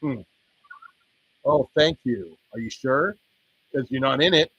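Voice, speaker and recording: A man's voice: mid-range voice, takes it slowly, a bit bright, slightly rough, no room sound, muffled recording. A man hosting his own stream, rambling casually with frequent swearing. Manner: rambling, swears and laughs often. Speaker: stream host.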